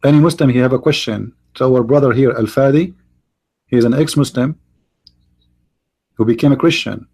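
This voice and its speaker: Husky man hosting a live stream. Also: medium pitch, darkish tone. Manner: halting, many fillers and restarts. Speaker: host. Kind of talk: live-stream debate talk.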